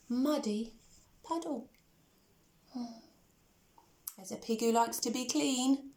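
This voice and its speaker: A woman reading a children's story aloud in an animated way, asking the listener questions. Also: on the high side. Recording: echoey room.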